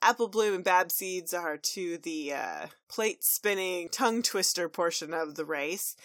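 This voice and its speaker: A woman co-hosting a casual recap chat, animated and slipping into silly character voices. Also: lowish voice, a little slow, dry recording. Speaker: podcast co-host recapping a cartoon.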